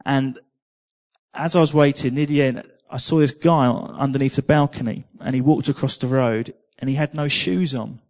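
In a steady, darkish voice of ordinary middle pitch, a man preaches at a moderate pace. His personal testimony to the congregation comes across conversationally, marked by repeated words and little laughs.

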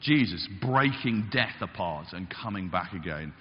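A man preaching a sermon in a church, lively and expressive, acting out the quoted voices as he goes. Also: measured pace, slight background noise. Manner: animated, acts out quotes with big pitch jumps. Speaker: pastor. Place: church hall. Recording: dull sound with long reverb in a church.

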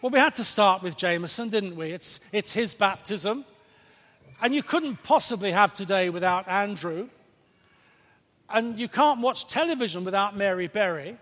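High-voiced preacher in reverberant church. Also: male voice, normal speed. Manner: lively, playful and emphatic, asks the congregation questions. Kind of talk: sermon.

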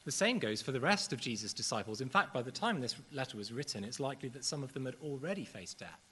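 A man preaching a sermon in a church service, earnest and measured, with occasional fillers. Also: medium pitch, expressive, a bit bright, breathy edge.

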